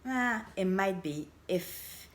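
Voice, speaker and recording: A middle-aged woman coaching on language, giving an upbeat, emphatic grammar lesson and slowly stretching out her example phrases. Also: medium pitch, animated. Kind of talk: casual explainer lesson to camera.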